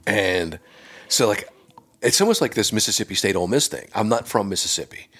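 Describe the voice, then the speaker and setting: Man, podcast host, very low pitch, husky, chatty, quick affirmations. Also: animated, fairly bright tone. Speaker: podcast host, golf teacher. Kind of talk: casual interview.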